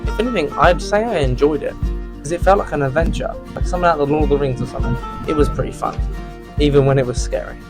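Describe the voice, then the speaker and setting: In a walking vlog shot on a handheld phone outdoors at night, a young man talks fast in a fairly high voice. His chatter is jokey, nervous and self-deprecating, and background music lies over the outdoor phone sound.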